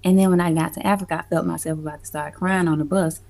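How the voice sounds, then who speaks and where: A woman guest in a casual interview, telling stories in an animated, emphatic way, laughing often and swearing freely. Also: on the low side, fast, vocal fry. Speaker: guest, community music event organizer. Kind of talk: casual conversational storytelling.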